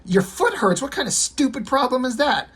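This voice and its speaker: A man's voice: extremely high pitch, big pitch swings, moderate pace, fairly bright tone, husky, pitched above the performer's own voice, exaggerated voice. A man voicing a rude little boy who pretends to be a doctor, pushy and snide. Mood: snide, bossy.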